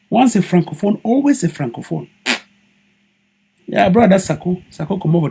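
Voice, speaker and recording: Husky and high-pitched with a warm tone, this activist speaks Cameroonian English mixed with Pidgin. In an impassioned video monologue he levels political accusations, driving points home by saying them again.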